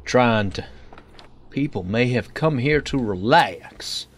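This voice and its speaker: A man's voice: mid-range voice, expressive, slow pace. A young man giving rambling, joking commentary on a horror game he plays, slipping into a put-on hillbilly drawl. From United States. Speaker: let's play gamer.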